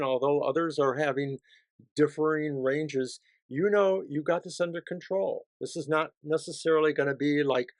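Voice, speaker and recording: A man giving a weekly tarot reading sign by sign, chatty, swinging from hushed to excited. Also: fairly high pitch, no room sound. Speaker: tarot reader.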